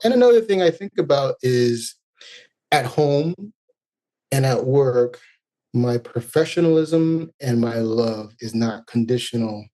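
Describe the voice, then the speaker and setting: A man's voice: mid-range voice, a little mellow. A man, a music educator, talking through his thoughts as a podcast guest in a reflective, earnest way. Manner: reflective, earnest, speaks in long thoughtful runs. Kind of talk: casual interview chat.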